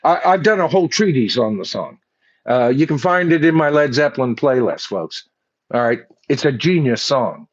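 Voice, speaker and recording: A man's voice: medium pitch, animated, moderate pace, lo-fi sound. An older man hosting a commentary show, speaking in a sarcastic, mocking way and reading lyrics aloud to pick them apart. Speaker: host. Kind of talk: opinionated commentary.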